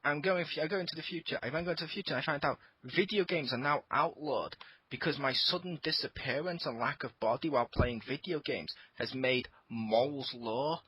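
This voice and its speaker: A man co-hosting a casual gaming podcast, telling animated stories and swearing freely. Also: on the high side, brisk, slightly rough, poor audio. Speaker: podcast co-host. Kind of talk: casual group chat.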